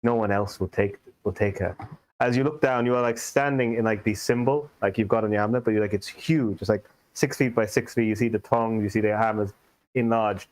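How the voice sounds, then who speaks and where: A man's voice: fairly low pitch, fairly even intonation, a little fast, rough recording. A man with an Indian accent narrating as game master in a tabletop game, telling the scene loosely with many fillers. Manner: loose, filler-heavy storytelling.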